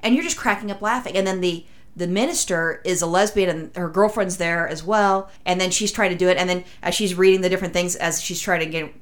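A woman's voice: fairly low pitch, fairly quick, hardly any pauses. A woman telling a long anecdote in casual podcast chat, rambling and acting out other people's lines. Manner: rambling, animated anecdote with acted-out quotes.

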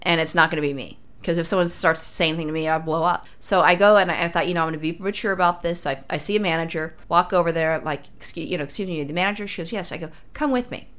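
Woman, rapid talker, crude swearing storyteller, casual podcast chat. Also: fairly low pitch, fairly even intonation, fairly bright tone. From Los Angeles. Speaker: podcast host.

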